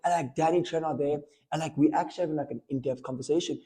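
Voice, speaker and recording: A man's voice: a little high, crowd noise. A young man co-hosting a podcast, telling stories in casual slang and saying "bro" and "like" a lot. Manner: fast slangy storytelling, lots of "bro" and "like". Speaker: podcast co-host. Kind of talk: casual chat.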